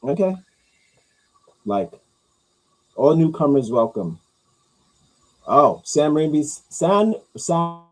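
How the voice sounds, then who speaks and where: A man hosting a casual talk, rambling through movie news with crude jokes and mumbled low asides. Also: poor audio. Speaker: host reacting to movie news. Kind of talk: casual chat.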